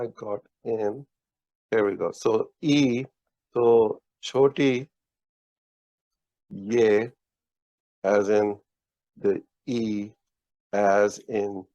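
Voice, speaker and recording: Slow, patient man teaching a lesson. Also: on the low side, warm tone, dry recording. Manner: patient, slow explaining with frequent restarts and praise. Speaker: Urdu teacher. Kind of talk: casual one-on-one language lesson. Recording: dull, lo-fi, dry audio.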